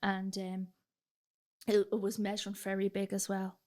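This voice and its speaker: A woman's voice: mid-range voice, completely flat delivery, moderate pace, a little mellow. A young woman with a Dublin accent, telling her personal story as a podcast guest and acting out the dialogue. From Ireland. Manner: chatty, retells dialogue, fillers like "like".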